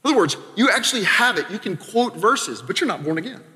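A man from Arkansas preaches a sermon in a church sanctuary, his voice bright and a little high. He talks conversationally, tossing in quick asides and then dropping suddenly quiet. Long reverb from the hall trails every phrase. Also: big pitch swings. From Arkansas, American South. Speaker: pastor.

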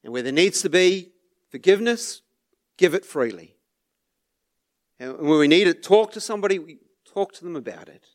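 A man preaching a sermon to his church, unhurried, with small laughs and repeated words. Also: high-pitched, lively intonation. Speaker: pastor.

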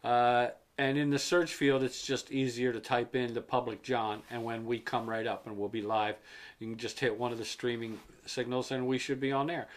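A man's voice: mid-range voice, level tone, normal speed. A man hosting a casual podcast, rambling and joking with crude language. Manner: rambling, joking, profane storyteller. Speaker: podcast host.

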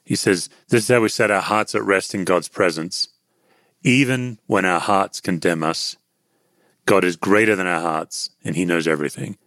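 Aussie guy on a podcast, really low voice, dry close sound, thoughtful pastor vibe. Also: normal speed, a bit bright, no echo. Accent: Australian. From Australia. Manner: earnest, reflective, pastoral. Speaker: podcast guest, author. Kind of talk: conversational interview answers.

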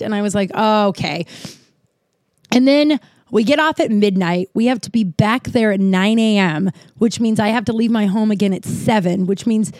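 A woman's voice: mid-range voice, fairly quick, a little mellow, no echo. A woman in her thirties telling a rambling personal story to her viewers, full of "like"s and casual swearing. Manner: rambling, swears freely, many "like"s. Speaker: vlogger.

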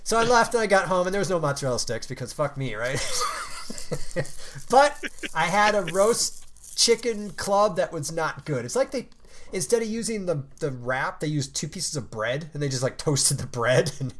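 A man's voice: on the high side, lively intonation, moderate pace, fairly bright tone, a little hiss or hum. A young man telling a story in a casual chat, swearing freely and laughing through it.

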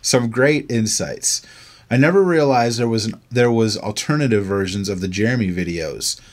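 A man's voice: fairly low pitch, moderate pace. A man with an Australian accent, co-hosting a podcast and reading listener emails aloud, laughing often and stumbling over lines. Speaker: podcast co-host.

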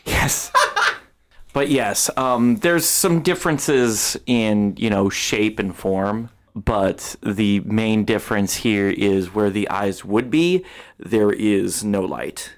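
Slow, hesitant man running a game. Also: on the low side. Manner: unhurried, hesitant with fillers. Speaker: game master. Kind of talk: narrating a tabletop game.

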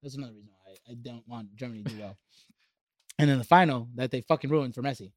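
A man's voice: medium pitch, fast talker, dry recording. A man co-hosting a podcast, chatting casually, joking and trash-talking about soccer. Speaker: podcast co-host. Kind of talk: casual chat.

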